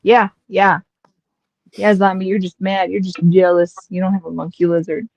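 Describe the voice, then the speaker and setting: A woman's voice: mid-range voice, little pitch movement, moderate pace, creaky, a little mellow, no room sound, lo-fi sound. Rambling woman on a headset mic. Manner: rambling, full of fillers. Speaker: streamer. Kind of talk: casual chat.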